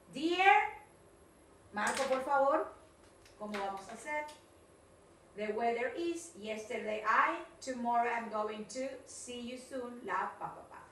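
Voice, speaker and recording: Animated, high-voiced woman teaching English. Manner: animated, coaxing, repeats words. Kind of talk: online class, mixing English and Spanish. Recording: echoey room, mic at a distance, faint noise.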